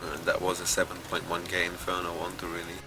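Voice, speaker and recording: A man giving methodical, analytical live commentary on a game match, pausing with fillers as he breaks down the builds. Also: sits low, monotone. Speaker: esports commentator. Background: background music.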